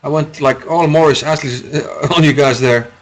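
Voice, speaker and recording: A man's voice: on the high side, steady tone, moderate pace. A man from Iceland, giving rambling, chatty live commentary on a chess game and answering viewers' chat.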